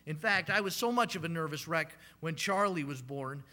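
A man's voice: a little high, lively intonation, normal speed, pushed and bright. A man in his thirties preaching a sermon as a pastor, telling stories in a conversational way with frequent "right?" tags and ums.

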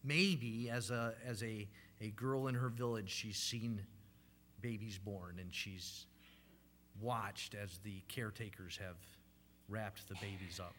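A man's voice: fairly low pitch, fairly even intonation, takes it slowly, fairly bright tone, slight background noise. A man in his thirties preaching a sermon as a pastor, telling stories in a conversational way with frequent "right?" tags and ums.

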